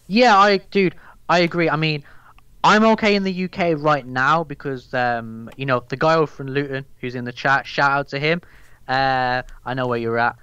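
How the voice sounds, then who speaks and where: A man's voice: medium pitch, fairly even intonation, moderate pace, pushed and bright, clean tone, dry recording, lo-fi sound. A young man with a Birmingham accent chatting casually as a podcast guest, rambling and swearing with lots of fillers. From England. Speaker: guest, MMA news account runner.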